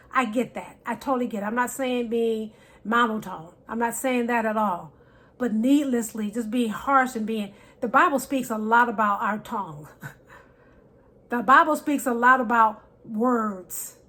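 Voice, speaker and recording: A woman giving faith-based marriage advice to women, emphatic and preacherly, repeating key phrases and dropping from loud to soft. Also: on the high side. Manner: preacherly, quotes scripture, shifts loud to soft.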